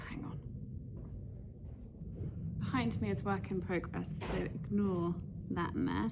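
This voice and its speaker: A woman's voice: medium pitch, expressive, slow pace, creaky, pauses often, heavy background noise. A woman chatting through a do-it-yourself how-to as she works, thinking aloud and muttering to herself, in a cluttered workshop. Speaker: DIY vlogger. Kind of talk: casual how-to vlog, talking while working.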